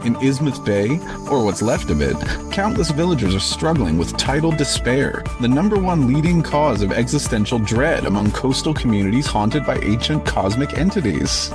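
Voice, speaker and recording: A man's voice: medium pitch, natural voice. A man doing a grave mock ad announcer. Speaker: parody ad announcer. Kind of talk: mock commercial voice-over.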